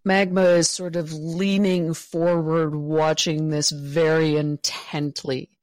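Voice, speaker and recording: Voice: mid-range voice, flat delivery, takes it slowly, no echo. A player in a tabletop game, thinking aloud in a hesitant, casual way.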